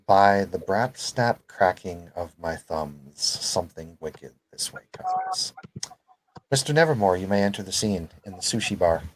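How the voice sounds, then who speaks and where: Guy doing an ominous stepmother chanting slowly, deep voice. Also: huge pitch swings, dry recording, exaggerated voice, rough recording.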